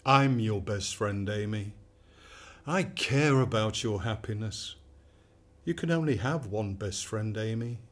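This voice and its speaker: A man's voice: on the low side, unhurried, close to an everyday voice. A man playing a sinister soothing AI. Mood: coaxing. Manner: calm, soothing, manipulative. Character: sinister controlling male AI companion. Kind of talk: radio drama acting.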